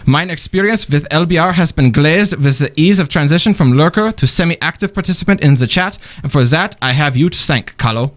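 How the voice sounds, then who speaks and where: Male co-host reading a fan email in a put-on German accent, somewhat high pitch. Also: fairly quick, hardly any pauses. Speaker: podcast co-host. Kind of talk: reading a listener email aloud.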